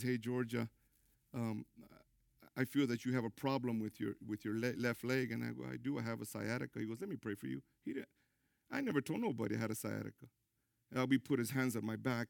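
A middle-aged man, a pastor preaching a sermon, emphatic, with sudden loud high bursts. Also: gravelly, no room sound, clean studio sound.

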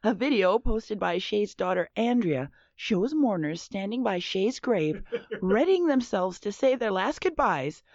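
A woman's voice: mid-range voice, very animated, a little slow, darkish tone, no room sound. A woman co-hosting a comedy podcast, laughing as she reads out news stories. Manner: laughing, reads with mock voices. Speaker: podcast co-host. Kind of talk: casual chat, reading news stories. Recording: dry, dull lo-fi audio.

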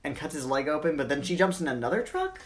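A man's voice: a little high, wildly swooping pitch, quick pace, crowd noise. A man co-hosting a casual movie chat, playful, acting out scenes in little voices. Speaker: podcast co-host.

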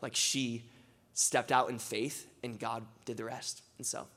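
In a testimony-style sermon to a church gathering, a young man tells his stories loosely, leaning on fillers like "like" again and again. His mid-range voice is a bit bright and a little slow with little pitch movement, until a rising, impassioned closing prayer.

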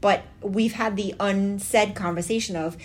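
A woman's voice: medium pitch, steady tone, normal speed. A woman co-hosting a podcast as a salon owner, chatting casually, swearing freely and laughing through her stories. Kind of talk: casual chat.

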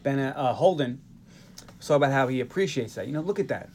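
Animated man recapping a movie. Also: medium pitch, a little hiss or hum. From Northeastern United States. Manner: animated storytelling with quick asides and laughs. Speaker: podcast host. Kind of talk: casual movie recap chat.

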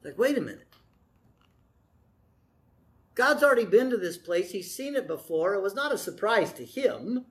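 A middle-aged man preaching a sermon in a folksy way, with joking asides, slowing down to stress key words. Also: sits high, very animated. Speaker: pastor.

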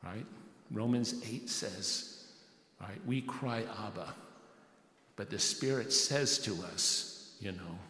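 A man's voice: on the low side, slow, sharp tone. A man preaching a sermon, emphatic, repeating words and dropping in "yes" and "right". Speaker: pastor. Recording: echoey hall, slightly distant.

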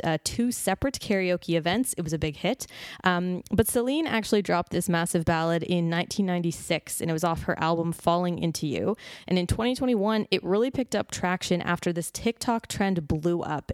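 A woman's voice: fairly low pitch, darkish tone, no room sound, clean studio sound. A woman hosting a podcast in casual, enthusiastic chat, full of fillers. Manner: chatty, enthusiastic, many fillers like "like" and "um". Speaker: podcast host.

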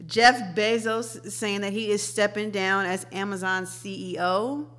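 A woman's voice: mid-range voice, fairly even intonation, measured pace, a bit bright. A young woman co-hosting a casual chat show, slangy, laughing easily and talking with animation. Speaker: podcast co-host.

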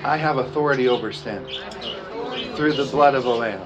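A man preaching a communion sermon, reading scripture aloud, slowing down on key phrases and leading the congregation in repeating lines. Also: medium pitch, crowd noise. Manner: emphatic, slows down on key phrases. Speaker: pastor. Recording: dull lo-fi sound with music behind. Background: music playing.

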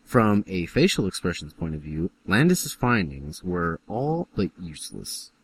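A low-pitched man reads an article aloud for a casual podcast, his pitch swinging a lot from phrase to phrase. He drops dry asides and short laughs between sentences. Faint ambience sits under the voice. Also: very animated, a little slow, a little hiss or hum. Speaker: podcast co-host reading an article. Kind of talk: casual chat, reading aloud.

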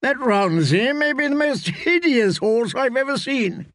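A man's voice: very high voice, sing-song, a little slow, fairly bright tone, no room sound, voice pushed up, full character voice. A man voicing a languid, mocking young male knight in a storybook reading, drawling and sardonic. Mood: teasing.

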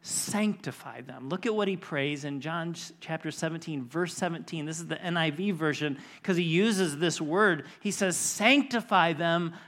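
A man's voice: a little high, moderate pace, few pauses, fairly bright tone. A middle-aged man preaching a sermon as a pastor, telling a personal story in an earnest way and building to emphatic preaching.

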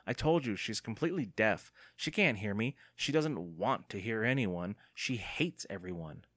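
A man's voice: lowish voice, expressive, moderate pace, a bit bright, dry recording, clean studio sound. Evan, a sarcastic young boy, voiced by a man. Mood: grumbling.

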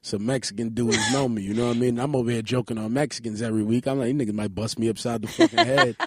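A man's voice: mid-range voice, expressive, fast talker, darkish tone, slight background noise. A man hosting a podcast in casual chat, acting out quotes with big swings in his voice. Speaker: podcast host.

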